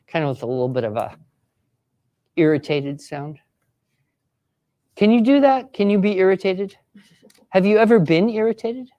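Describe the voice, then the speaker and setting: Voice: medium pitch, lively intonation, moderate pace, long pauses, dark tone. A writing teacher leading a live classroom workshop, encouraging students and giving step-by-step directions. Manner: acts out sample voices for students.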